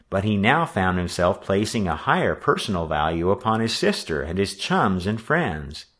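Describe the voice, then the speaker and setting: A man with a low voice narrates an audiobook, bright and forceful in tone. His reading is lively, swinging widely up and down to carry the adventure along. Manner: animated reading.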